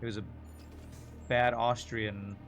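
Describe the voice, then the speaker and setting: A man's voice: medium pitch, little pitch movement, slow pace, soft background music. A man streaming a video game, chatting casually and answering viewer questions while he plays. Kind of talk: casual gameplay commentary.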